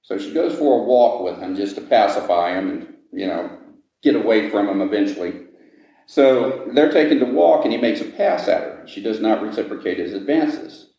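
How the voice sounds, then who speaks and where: A man telling a ghost story to visitors inside an old jail, with slow, dramatic pacing. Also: fairly low pitch, expressive, dark tone. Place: old jail building, indoors. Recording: echoey stone room.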